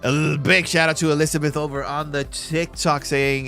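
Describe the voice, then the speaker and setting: A man hosting a live trading stream, walking through charts and shouting out viewers in a casual, slangy, emphatic way. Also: steady tone, normal speed, soft background music. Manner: emphatic, hype-driven pitch to viewers. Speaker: livestream trading host. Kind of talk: live chart walkthrough and chat shout-outs.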